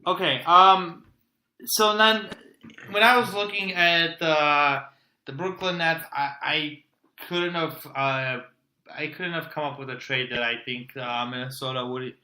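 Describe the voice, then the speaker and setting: A man with a very bright, sharp voice co-hosts a sports podcast. He speaks hesitantly, weighing options out loud. The recording has a noticeably roomy echo. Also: fairly high pitch, steady tone, measured pace. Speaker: podcast co-host. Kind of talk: casual sports debate.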